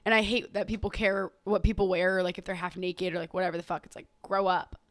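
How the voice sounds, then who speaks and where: A woman's voice: on the low side, flat delivery, fast talker, no echo, studio quality. A woman in her twenties hosting a casual solo podcast, rambling, swearing freely and gushing about pop culture, often laughing and apologizing. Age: 20s. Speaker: podcast host.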